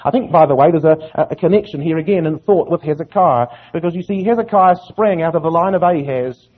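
A man preaching an earnest Bible sermon in a high, husky voice. He often puts rhetorical questions to his listeners. The recording is thin and tinny, like a phone line. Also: fairly quick.

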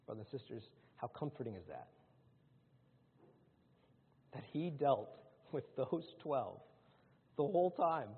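A man preaching a sermon to his congregation, swinging between loud, rising lines and hushed ones. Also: mid-range voice, animated, a little slow, pauses often, husky. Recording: phone-like sound in a large hall.

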